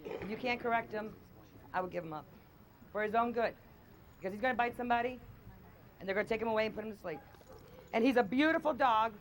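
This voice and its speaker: A woman's voice: fairly high pitch, fast, long pauses, slight background noise. A woman dog trainer running a hands-on session in an outdoor field, firm and no-nonsense with owners and coaxing with the dog.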